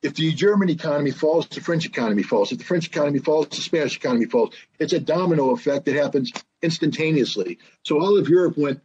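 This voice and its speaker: An American former weapons inspector and analyst, appearing as an interview guest, delivers forceful political commentary in a husky, slightly high, darkish voice. He talks fast with hardly any pauses, emphatically repeating phrases and acting out quoted speech, on a muffled recording.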